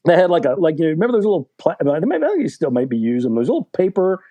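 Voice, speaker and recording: Sixties male interview guest, relaxed mellow tone, loose chatty anecdote delivery. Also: on the high side, rapid-fire. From West Virginia, USA. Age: 60s. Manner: rambling, full of "like" and "you know" fillers, laughing at his own story. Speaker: guest author. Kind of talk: casual storytelling interview.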